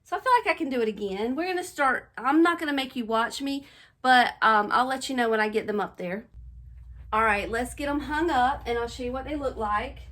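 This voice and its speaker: A woman's voice: fairly high pitch, fairly quick, a bit bright. A middle-aged woman chatting casually to viewers as she decorates her bedroom, a little out of breath. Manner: chatty, talking to viewers while working. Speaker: home decor vlogger. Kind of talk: casual chat while decorating. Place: home bedroom.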